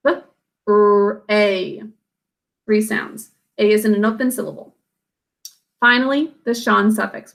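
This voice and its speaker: A woman's voice: on the high side, a bit bright. A woman teacher giving a recorded spelling lesson, patiently sounding out words letter by letter and syllable by syllable.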